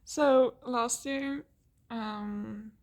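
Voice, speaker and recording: Young woman w a high voice, chatty storytime vlog, laughs a lot, swears, all over the place. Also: drawn-out words. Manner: rambling, animated, laughing often, swearing.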